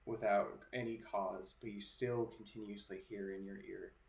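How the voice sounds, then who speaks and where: A man narrating as game master of a tabletop role-playing game, describing scenes in a relaxed way. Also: fairly low pitch, moderate pace, creaky, reverberant.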